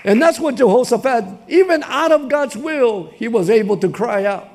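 A man preaching a sermon in a conversational, impassioned way, with repetition and street slang, rising to shouts. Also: very high voice, lively intonation, moderate pace.

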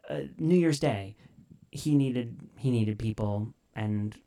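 A woman's voice: extremely low pitch, slow, warm tone. A woman hosting a podcast over a remote call, chatting casually in a self-deprecating, rambling way. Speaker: podcast host. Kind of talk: casual chat.

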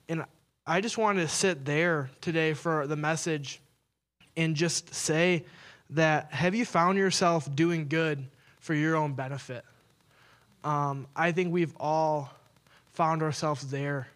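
A man's voice: a little high, a bit bright. A man in his twenties, a pastor, giving a casual sermon with playful storytelling asides. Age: 20s.

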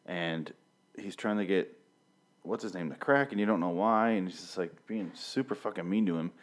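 A man's voice: low voice, moderate pace. A man in his thirties hosting a solo review show into a studio mic, rambling and irreverent, with frequent swearing. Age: 30s. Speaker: podcast host reviewing a TV show. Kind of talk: casual, profane solo commentary. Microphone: studio mic with pop filter.

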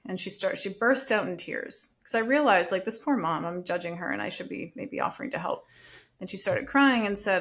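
A middle-aged woman talks in an earnest, reflective way, with a voice that sits a little low. She tells a personal story in a relaxed conversational podcast style. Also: fairly quick. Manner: earnest, reflective, animated telling. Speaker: guest.

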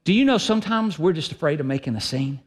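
A man preaching a sermon as pastor, emphatic and swinging between loud and soft delivery. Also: fairly high pitch, lively intonation, quick pace.

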